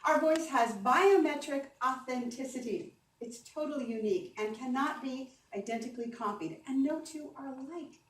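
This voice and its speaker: Recorded from a distance in an echoing conference hall with faint background noise, an upbeat woman voice coach with a somewhat high voice speaks at a moderate pace, coaching warmly, keeping listeners engaged and leading them through breathing exercises.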